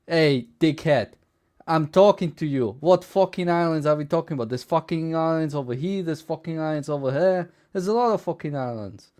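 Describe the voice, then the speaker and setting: A man doing a loud, brash New Jersey guy. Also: on the high side, normal speed, voice pushed up, lightly acted. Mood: belligerent. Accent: New York. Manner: loud, crude, aggressive heckling. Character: brash foul-mouthed New Jersey student, adult man.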